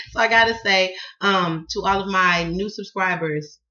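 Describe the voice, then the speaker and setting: Southern American woman, chatty tarot reader, laughing and cussing, bright edge, dull home recording. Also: mid-range voice, a little slow. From Southern United States. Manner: laughs often, cusses, lively storyteller. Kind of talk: casual chatty tarot reading.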